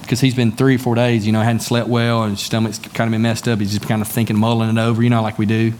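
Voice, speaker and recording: A man preaching a sermon to his congregation in a mid-pitched, easygoing voice. He talks like he is chatting, tells folksy stories and acts out the people in them. A faint hiss of noise sits under the recording. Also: flat delivery, fast, few pauses, darkish tone. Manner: conversational, folksy storytelling with acted-out dialogue. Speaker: pastor. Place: church sanctuary.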